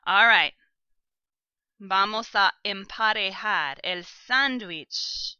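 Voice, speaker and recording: A woman teaching a vocabulary lesson, pronouncing each word slowly and carefully and giving plain instructions to her students. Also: medium pitch, bright, forceful tone, smooth, dry recording, dull audio. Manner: slow, careful pronunciation of vocabulary. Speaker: language teacher.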